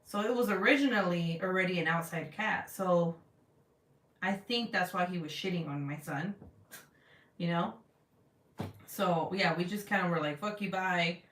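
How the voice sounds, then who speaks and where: A woman's voice: fairly low pitch, moderate pace, long pauses, a bit bright. A woman vlogger in her thirties chatting casually and bluntly, swearing freely as she tells a story. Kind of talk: casual chat to camera. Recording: roomy, from a distance.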